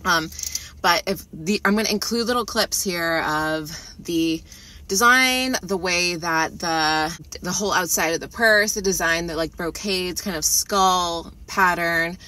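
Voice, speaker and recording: A woman filming a casual shopping vlog. She talks from her car, then murmurs half-whispered comments as she browses a quiet store. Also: lowish voice, a little slow. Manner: chatty, gushing over cute finds. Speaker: shopping vlogger.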